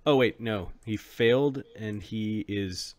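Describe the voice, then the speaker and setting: A man's voice: fairly low pitch, slow, no room sound. A man running a tabletop game as game master, narrating combat with frequent fillers.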